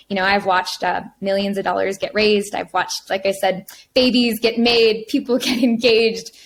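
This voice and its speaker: A woman guest on a podcast interview, telling stories in a casual, energetic way, laughing often and acting out quotes. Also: mid-range voice, a little hiss or hum. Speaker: podcast guest, retreat organizer.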